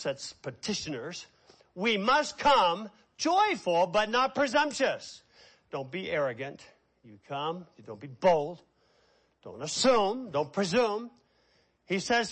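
Male pastor, sermon delivery, slightly high voice, slow stressed phrases with hushed fast asides. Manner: preaching with slow drawn-out emphasis and sudden quiet asides.

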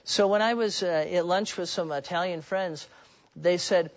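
A man's voice: high voice, moderate pace, dull audio. A man preaching a sermon in an earnest, personal way, often restarting and repeating words.

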